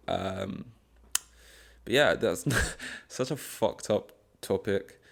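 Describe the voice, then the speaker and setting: A man's voice: sits low, expressive, unhurried, creaky. A young man rambling through a casual solo podcast monologue, swearing often, with many fillers and restarts. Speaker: podcast host.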